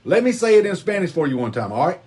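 A man's voice: high voice, sing-song, fast, warm tone, husky. A man hosting a podcast, arguing in a combative, sarcastic way and repeating his questions. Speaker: podcast host. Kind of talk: casual political argument.

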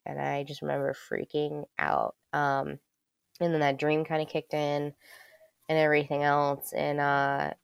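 A woman's voice: sits low, monotone, measured pace, gravelly, clean tone, no room sound, clean studio sound. A woman telling a personal story in casual conversation, candid and loose, swearing freely with lots of ums. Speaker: guest.

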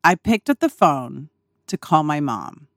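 A woman hosting a podcast talks through a personal story at an unhurried pace. Her pitch swings widely as she laughs and swears casually. The sound is dry and close, recorded in a small RV dinette. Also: very animated, dry recording. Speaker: podcast host.

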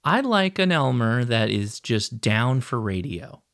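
Male podcast co-host, mid pitch, loose and jokey, rambles and restarts. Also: big pitch swings, unhurried, a bit bright. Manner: rambling, jokey, self-deprecating. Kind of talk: casual chat.

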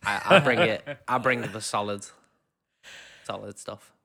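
A man's voice: fairly low pitch, a little slow, pushed and bright. A man co-hosting a podcast in casual chat, dry and joking, laughing often. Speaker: podcast co-host.

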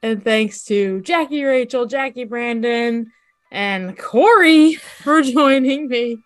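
A woman's voice: fairly high pitch, slow, no echo, soft background music. A woman hosting a podcast, teasing her co-host and laughing often in casual chat.

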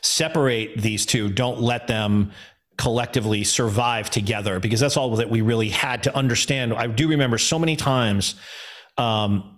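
Middle-aged man, interview guest, casual, reflective, chatty. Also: mid-range voice. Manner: reflective, chatty, laughs easily. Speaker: guest, production company owner. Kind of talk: casual conversation.

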